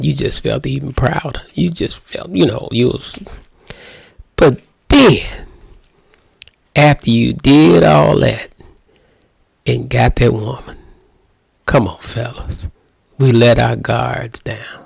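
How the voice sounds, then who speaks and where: A man's voice: medium pitch, slow, creaky, pauses often, breathy edge, no room sound. A man, a pastor, giving folksy marriage advice to husbands in a playful, conversational way and acting out little scenes. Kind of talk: casual marriage talk to men.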